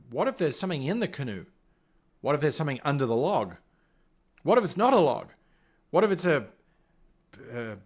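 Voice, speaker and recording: A man's voice: medium pitch, fairly bright tone. A man acting as game master, reading a solo adventure gamebook aloud and chatting with his live viewers, thinking aloud with playful asides.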